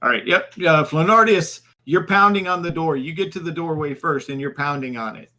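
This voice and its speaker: Game master, male, bright voice, stop-start delivery. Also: on the high side. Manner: halting, many fillers and restarts. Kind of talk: narrating a tabletop game.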